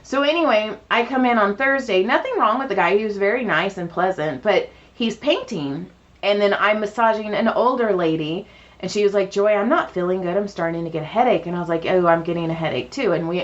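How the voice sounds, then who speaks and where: A woman on a podcast, chatting casually and acting out what everyone said as she tells a story. Her voice sits at an ordinary middle pitch. The audio is a little dull and lo-fi. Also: fairly quick. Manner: animated, acts out quoted dialogue. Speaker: podcast co-host.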